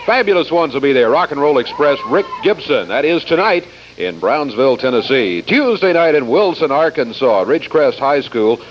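A man's voice: medium pitch, very animated, moderate pace. A man, a TV wrestling announcer, reading upcoming event listings in a plain announcing manner with fillers. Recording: noisy lo-fi 1980s TV tape.

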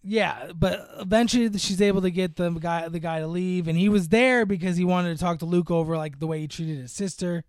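A young man with a high, smooth, clear voice chats casually about a film. He rambles, full of fillers, and slips into acted-out lines from the characters. The sound is close and dry. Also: brisk, few pauses, no room sound. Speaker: podcast co-host recapping a movie. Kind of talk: casual chat.

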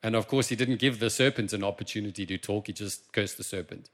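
A South African man preaching a sermon in church, impassioned and swinging from quiet asides to loud emphasis. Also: fairly low pitch, fast talker. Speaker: pastor.

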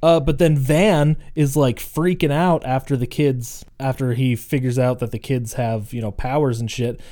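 Man, podcast co-host, mellow tone, loose rambling delivery with cursing. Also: mid-range voice, fairly even intonation, moderate pace. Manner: swearing, rambling, laughs often. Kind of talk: casual chat.

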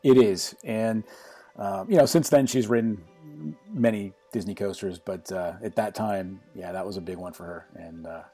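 A man in his forties, a podcast co-host, chatting casually and telling a family story with halting starts and repeated words. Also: lowish voice, mellow, faint music behind.

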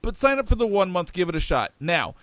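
A man chatting as a podcast co-host, excitable and rambling, with many ums. His voice sits a bit high for a man. The sound is dry and close, with no room echo. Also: fairly quick. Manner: enthusiastic, rambling, with many fillers. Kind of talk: casual podcast chat.

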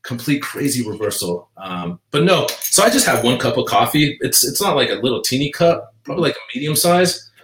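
A man's voice: medium pitch, lively intonation, a little fast, hardly any pauses, fairly bright tone, slight background noise. A man in casual podcast chat, laid-back and saying dude and bro a lot. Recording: roomy echo.

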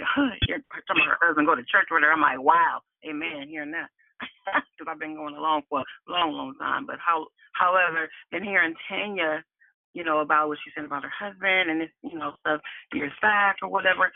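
A woman's voice: low voice, vocal fry, dry recording. A middle-aged woman calling in to a prayer line, giving an earnest, breathless testimony with laughter between phrases. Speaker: caller sharing testimony. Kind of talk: emotional testimony on a prayer call. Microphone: phone. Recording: tinny, dry phone line.

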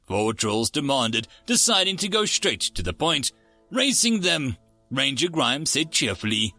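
A man narrating a science fiction story as the host of his channel, with a steady storytelling manner. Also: fairly high pitch.

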